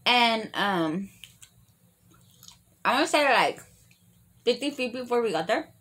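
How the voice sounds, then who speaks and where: A woman telling a long story in a casual eating vlog, animated, swearing freely and full of fillers. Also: on the high side, takes it slowly.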